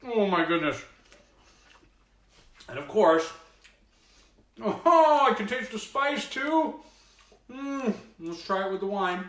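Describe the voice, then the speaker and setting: A man hosting a casual home cooking show, excitable, exclaiming and laughing often as he chats to viewers in his kitchen. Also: high-pitched, takes it slowly, pauses often, echoey room. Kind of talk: casual cooking livestream chat.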